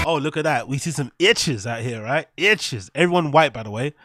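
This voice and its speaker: English male streamer, crude banter, mid-pitched voice, dry close sound. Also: measured pace, dry recording. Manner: crude, joking, shout-outs to chat. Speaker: live streamer. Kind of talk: casual live reaction stream.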